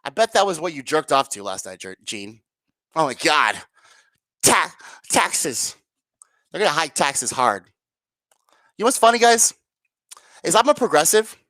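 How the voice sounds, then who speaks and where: A woman's voice: medium pitch, fairly bright tone, dry recording. A woman hosting a solo political commentary livestream. She rants sarcastically and profanely, firing rhetorical questions at her viewers.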